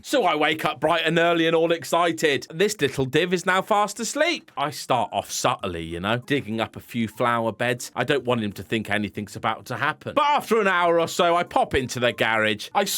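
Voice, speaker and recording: A man's voice: sits high, animated, moderate pace, few pauses, fairly bright tone. A young man, a YouTuber, telling cheeky, exaggerated comedy stories over a game and mocking himself. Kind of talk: comedic storytelling over gameplay.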